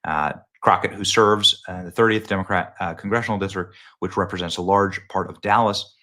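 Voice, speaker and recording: A man's voice: sits low, fairly even intonation, a little fast, sharp tone. A male host giving sarcastic, mocking political commentary in a casual style.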